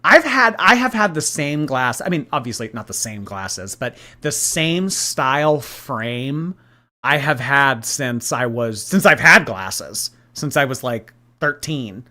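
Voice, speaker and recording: A man's voice: mid-range voice, very animated, takes it slowly, sharp tone. A man hosting a casual livestream, reading and answering viewer chat in a gossipy way and laughing often.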